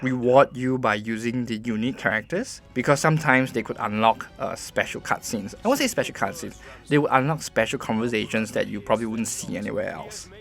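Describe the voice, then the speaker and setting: Man, game review host, mid-pitched voice, earnest, conversational, restarts sentences. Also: a bit bright.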